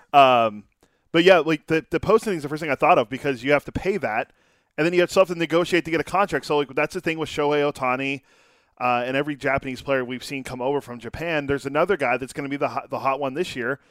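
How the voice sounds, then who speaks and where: A man's voice: on the high side, fast, fairly bright tone, dry recording, studio quality. A man co-hosting a baseball talk show, talking casually in an easygoing, slightly hesitant way. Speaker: show producer and co-host.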